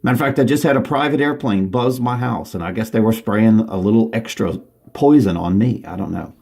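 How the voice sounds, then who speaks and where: A man's voice: lowish voice, brisk, gravelly, darkish tone, husky. A man delivering an urgent, agitated monologue from home, often restarting his sentences. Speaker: vlogger. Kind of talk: rambling monologue to camera.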